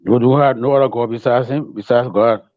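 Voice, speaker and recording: A man's voice: medium pitch, fairly even intonation, fairly quick. Man on a dull, lo-fi recording. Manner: agreeable, chimes in with scripture. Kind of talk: casual religious discussion.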